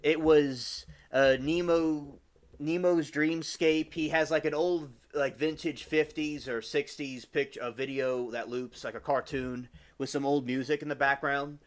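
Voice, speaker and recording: Young male streamer, slightly high voice, rambling casual chat with viewers. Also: fairly even intonation, measured pace. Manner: rambling and chatty, with many restarts; addresses chat viewers by name. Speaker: live streamer.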